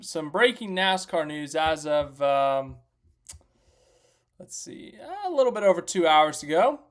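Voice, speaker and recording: A young man hosting a casual live stream, chatting and joking as he recaps racing and greets viewers by name. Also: on the high side. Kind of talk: casual motorsport recap chat.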